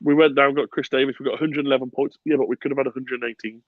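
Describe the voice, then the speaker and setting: A man hosting a casual football podcast, animated and swearing freely, with bursts of laughter. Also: mid-range voice, very fast, no echo, narrow, tinny audio. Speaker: podcast host.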